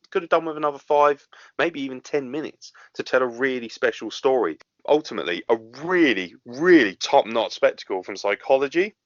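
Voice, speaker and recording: A man hosting a casual podcast review, sweary and animated, often laughing. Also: mid-range voice, no echo, muffled recording. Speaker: podcast host.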